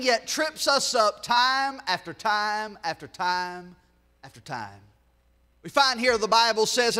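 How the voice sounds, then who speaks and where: In a church sanctuary, a Southern US pastor preaches in a very high, bright, ringing voice. He swells into shouts, then drops into joking asides to the congregation, with a long church-hall reverb trailing his sermon.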